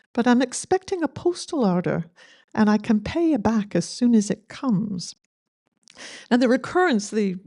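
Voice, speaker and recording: An actress playing a grieving daughter who reads her late father's odd poems at a funeral in a deadpan, earnest manner. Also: fairly high pitch, dry recording, clean studio sound. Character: eccentric woman reading her late father's begging poems. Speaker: bereaved daughter giving a eulogy. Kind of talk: scripted comedic funeral reading.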